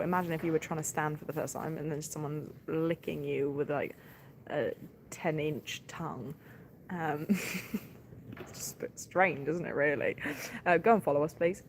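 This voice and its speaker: A tired, short-on-sleep livestock farmer with a deep voice chats casually on a live stream, giggling often and filling gaps with ums. A little hiss or hum is audible.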